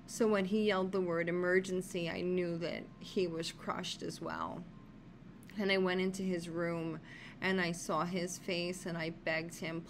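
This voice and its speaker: A woman caring for her husband, shaken and worried, talking haltingly in a personal video diary with many fillers. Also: on the low side, slight background noise.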